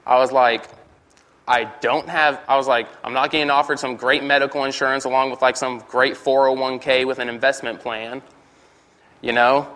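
A man's voice: mid-range voice, little pitch movement, moderate pace, a bit bright. A man in his twenties giving a rambling, candid personal testimony, constantly repeating "I was like" and poking fun at himself. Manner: candid and self-mocking.

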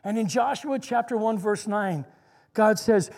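A man preaching a sermon in an earnest way, slowing down to stress each point. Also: sits high, darkish tone, long reverb tail. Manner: earnest, slows down to stress scripture.

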